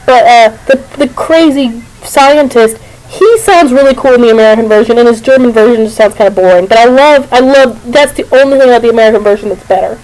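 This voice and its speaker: A woman's voice: on the high side, fast, a little mellow, low-quality recording. A young woman vlogging at home, chatting and rambling to her camera, giggly and talkative. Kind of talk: casual rambling chat to camera. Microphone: camera on a computer.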